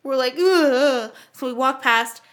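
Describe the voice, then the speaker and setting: A young woman from Canada, co-hosting a podcast, telling a story in an animated, profane way and acting out the voices. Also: sits high, slow pace. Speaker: podcast co-host. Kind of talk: casual storytelling chat.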